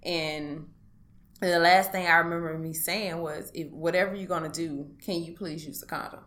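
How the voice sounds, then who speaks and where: A woman's voice: fairly low pitch, fairly even intonation, a bit bright. Hesitant woman telling her story. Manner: halting, hesitant, with many pauses and restarts. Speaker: interview guest. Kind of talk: personal account in an interview.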